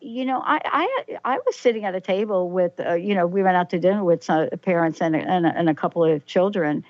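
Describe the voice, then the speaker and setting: On a relaxed radio chat show, a woman speaks in a low, darkish voice, reflecting thoughtfully and often restarting what she's saying. The recording has no room sound, and the highs are cut off.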